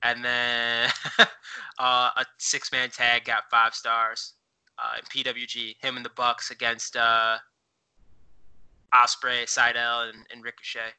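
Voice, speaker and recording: A man co-hosts a casual chat podcast. His voice is very bright and smooth, and he rambles along with plenty of fillers, checking things as he talks. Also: mid-range voice, completely flat delivery, slow pace, rough recording. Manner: rambling, many fillers, looks things up while talking. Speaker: podcast co-host.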